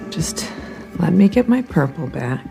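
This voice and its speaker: An actress playing a defiant, mocking witch in a drama, with teasing, drawn-out delivery over a music score. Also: low-pitched, big pitch swings, vocal fry, exaggerated voice. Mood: taunting. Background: film score music.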